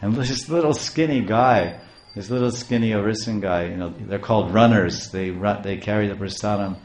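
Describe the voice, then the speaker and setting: A man preaching a devotional story, halting and repeating words as he goes. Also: fairly low pitch, a little mellow. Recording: roomy echo.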